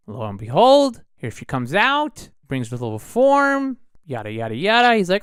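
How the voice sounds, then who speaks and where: A man hosting a solo podcast, talking in an animated, chatty way and swinging his pitch up and down for emphasis. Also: normal speed, few pauses, smooth, no room sound, studio quality. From United States. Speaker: podcast host.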